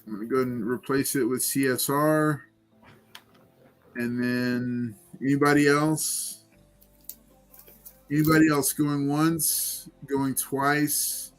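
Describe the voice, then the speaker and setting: A man's voice: mid-range voice, little pitch movement, slow, long pauses, faint music behind. A man hosting a casual livestream chat and giveaway, talking loosely with many fillers. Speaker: livestream host running giveaways.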